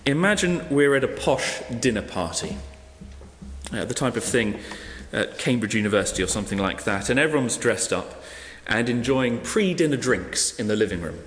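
Faint music plays behind this sermon, delivered at a moderate pace by a man with a medium-pitched voice. He tells a parable in an echoey hall, bringing its characters to life and animatedly performing the quoted guests.

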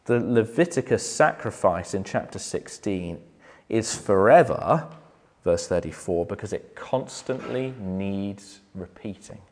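A man preaching a sermon, earnest, building to loud emphatic points and then dropping to a soft, low close. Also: expressive, a little slow.

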